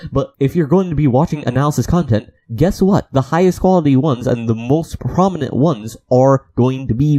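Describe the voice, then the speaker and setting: Male commentator, unscripted rant, indignant, mellow tone with a swooping delivery. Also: medium pitch. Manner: indignant, exasperated, repeating himself for emphasis. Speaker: anime video commentator.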